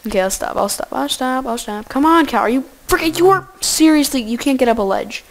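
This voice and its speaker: Woman, gameplay commentator; goofy, excitable casual delivery with a raised pitch and gravelly edges. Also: a little fast. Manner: goofy, excitable, talks to game animals.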